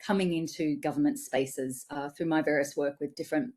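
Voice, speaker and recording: A woman with an Australian accent speaks over a video call, presenting a seminar. Her voice sits a little low, and her delivery is friendly and self-deprecating, with restarts as she thinks aloud. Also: steady tone, a little fast, darkish tone.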